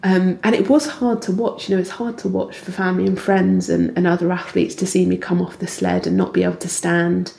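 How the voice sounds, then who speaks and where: A woman, a guest in an interview, speaking candidly and haltingly with restarts and soft laughs. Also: fairly low pitch, lively intonation, vocal fry, a little hiss or hum. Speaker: interview guest, Olympic athlete. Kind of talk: reflective conversational interview. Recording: echoey room.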